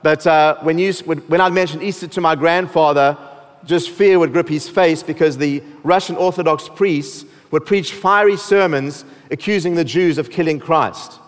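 Male pastor, South African accent, raised voice, relaxed humor, sermon with long reverb. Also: on the high side, moderate pace. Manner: joking, with laughs and restarts.

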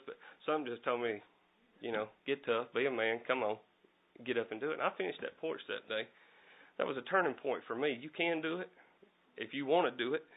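A man's voice: medium pitch, vocal fry. A middle-aged man preaching a folksy storytelling sermon, repeating and restarting his words. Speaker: lay preacher. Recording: tinny phone-like recording.

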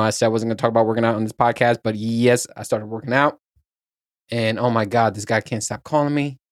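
A man's voice: medium pitch, no echo, studio quality. A middle-aged man hosting his own podcast from his workplace on his lunch break, rambling and swearing as he mocks himself. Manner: rambling, profane, self-mocking. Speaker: podcast host. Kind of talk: casual solo podcast chat.

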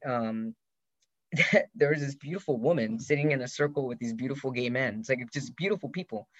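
A man hosting a personal podcast, rambling and heartfelt as he tells a story and lively when he quotes his friend. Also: mid-range voice, no echo. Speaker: podcast host. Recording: dull, lo-fi, dry recording.

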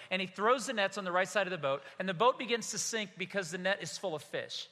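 A man's voice: high voice, animated, quick pace, pushed and bright, big-room sound. A man preaching a sermon to his church, telling the story with humor and acting out the dialogue. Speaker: pastor. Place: church sanctuary.

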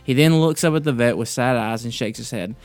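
Halting man. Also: medium pitch, a little mellow, dry recording. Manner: halting, with many restarts, telling a joke before the devotional. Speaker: podcast host. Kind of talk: casual devotional talk.

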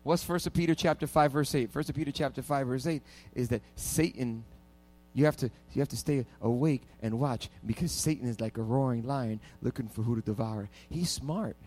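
A man's voice: medium pitch, a little fast, darkish tone. A male pastor preaching a sermon with playful call-and-response and strong emphasis.

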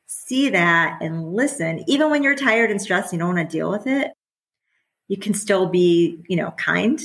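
A woman's voice: lowish voice, a bit bright, rough recording. A woman in her forties, a former teacher and parent, talking candidly as a podcast guest, chatty and often laughing. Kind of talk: casual conversational interview.

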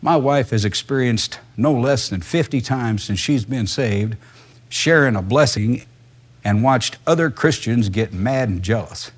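A man's voice: medium pitch, unhurried, husky. A male pastor, preaching a sermon in a conversational, emphatic way full of rhetorical questions.

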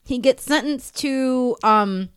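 Smooth-voiced woman recapping a movie. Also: high-pitched, no echo, studio quality. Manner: animated, profane, retells scenes with quick impressions. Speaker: podcast co-host. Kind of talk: casual movie-discussion chat.

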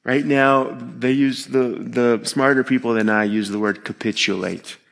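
Animated conversational male preacher. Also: unhurried, creaky, long reverb tail, faint music behind. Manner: conversational and animated, acting out quotes with sharp pitch jumps; expressive groans of disgust. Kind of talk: expository sermon to a live congregation.

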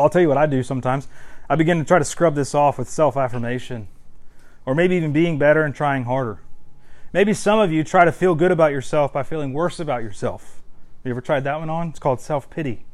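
A man's voice: medium pitch, a little mellow. A man preaching a sermon as a pastor, conversational and emphatic, repeating words for stress.

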